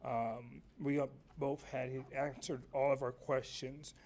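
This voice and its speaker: A man's voice: medium pitch, flat delivery, measured pace, a little mellow. A man giving a polite, formal public comment at a city council meeting, with many fillers such as um and uh. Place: council chamber.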